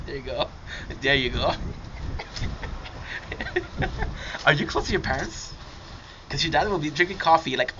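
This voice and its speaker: A live streamer with a French accent chats casually with a stranger, teasing him and swearing freely as he jokes. His voice is fairly high, expressive and a bit bright, a little slow, with long pauses. The audio is dull and lo-fi, with faint background noise.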